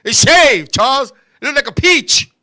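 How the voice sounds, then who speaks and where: A talk-show host in his fifties with a strikingly high, bright, piercing voice tells a raunchy story. He talks loud and animated, cursing freely and laughing along with himself. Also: moderate pace. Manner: loud, animated, crude, laughing between lines.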